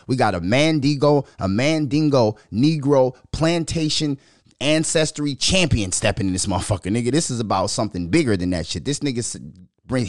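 A man hosting a podcast, ranting in a profane, animated, mocking way and laughing between remarks. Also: mid-range voice, no echo, clean studio sound. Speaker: podcast host. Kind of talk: casual commentary rant.

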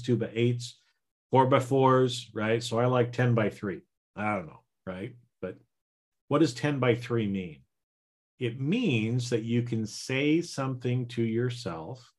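A man's voice: medium pitch, a little mellow. A man hosting a self-help podcast in a casual, folksy way, checking in with listeners by asking "right?" and "okay?". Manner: slow, repeats "right?" and "okay?"; folksy and plain-spoken. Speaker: podcast host, healing coach.

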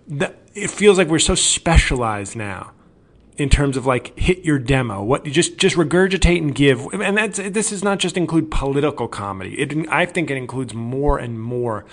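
A man's voice: mid-range voice, animated, normal speed. A man hosting his own comedy podcast alone. He rants in an exasperated, profane way and acts out both sides of remembered exchanges. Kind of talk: solo comedy podcast rant.

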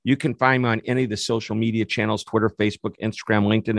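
A man's voice: lowish voice, flat delivery, racing, gravelly, no echo. Male host, upbeat and chatty, dry close-miked studio voice. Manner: enthusiastic, chatty. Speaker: podcast host. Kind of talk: radio interview hosting.

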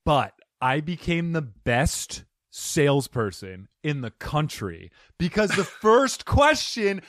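A man hosting a casual podcast chat, telling animated stories and acting out voices. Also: fairly high pitch, slow, no room sound, studio quality. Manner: animated storyteller who acts out voices. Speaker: podcast host.

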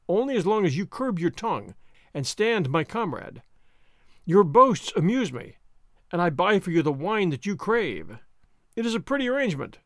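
A man reading aloud, voicing a polite young nobleman who speaks in a thin voice with measured calm. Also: sits high, no echo, studio quality.

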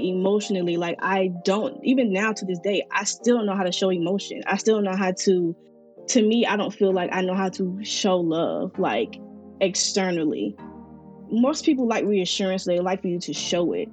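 A woman's voice: medium pitch, lively intonation, moderate pace, darkish tone, faint music behind. A young woman telling her personal story in a candid, reflective way, speaking earnestly with casual fillers. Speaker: interviewee sharing her story.

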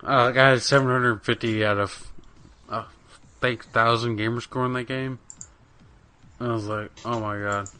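Young male podcast co-host, bright tone, rambling and profane. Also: medium pitch, steady tone, moderate pace, pauses often. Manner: rambling, profane, many fillers. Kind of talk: casual gaming chat.

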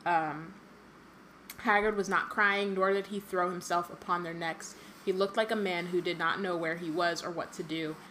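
A woman's voice: lowish voice, fairly even intonation, moderate pace, sharp tone, slight background noise, poor audio. A woman reading a book aloud with frequent filler ums and joking asides, in a casual chat. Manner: reads passages with many filler ums and asides. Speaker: podcast co-host reading aloud.

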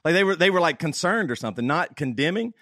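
A man hosting a podcast, asking rambling, halting questions full of fillers. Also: fairly high pitch, sing-song, bright, forceful tone, no echo, studio quality. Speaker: podcast host. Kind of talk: casual interview.

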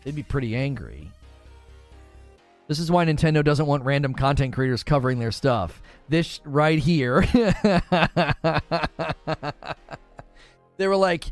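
A man hosting a gaming stream, with a fairly high voice that swings up and down a great deal as he teases his chat. He talks in an easygoing, joking way, with soft music playing underneath. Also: a little slow, dry recording. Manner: animated, joking, reads chat aloud. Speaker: gaming livestream host. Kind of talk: casual chat with live viewers.

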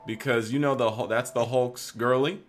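A man co-hosting a podcast, joking excitedly and sometimes breaking into high put-on voices while talking over a trailer. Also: normal speed, faint music behind. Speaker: podcast co-host. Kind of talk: casual chat over a trailer.

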